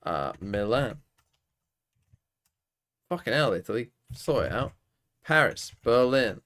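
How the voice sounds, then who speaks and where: A man's voice: mid-range voice, big pitch swings, slow pace, fairly bright tone. A young man streaming live, muttering and swearing his way through geography quiz guesses. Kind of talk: casual live-stream commentary while playing quiz games.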